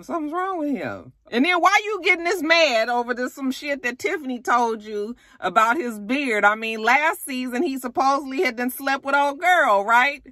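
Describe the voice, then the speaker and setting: A woman casually recapping a reality show, chatty, profane and animated. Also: no echo. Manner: animated, profane, chatty, swings into high acted quotes.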